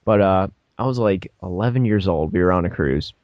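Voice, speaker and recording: A man's voice: low voice, brisk, dry recording, muffled recording. A young man on a podcast, telling a story casually and laughing as he acts out the people in it. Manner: animated, laughs mid-story, acts out voices. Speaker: podcast co-host.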